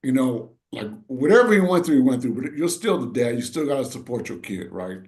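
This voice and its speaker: A man's voice: mid-range voice, very animated, brisk, darkish tone. A middle-aged man co-hosting a podcast, telling an emotional family story in a rambling, casual way. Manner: rambling, full of "you know" and "right". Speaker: podcast co-host.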